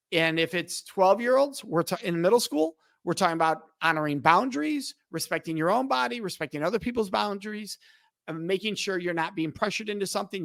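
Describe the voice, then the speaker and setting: A man's voice: sits high, vocal fry, fairly bright tone, dry recording. A middle-aged man and podcast guest, explaining emphatically and acting out quoted dialogue in conversation. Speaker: podcast guest, speaker on respect.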